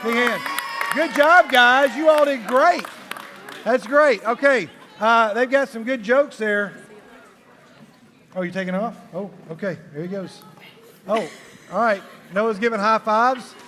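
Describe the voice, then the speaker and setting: A playful man with a very high, bright voice hosts a lively youth show. He chats and cheers kids on. The sound rings in a reverberant hall with faint music behind. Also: measured pace, long pauses, some chatter behind. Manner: playful, chatty, encouraging with kids. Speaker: youth group host. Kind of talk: lively live show hosting.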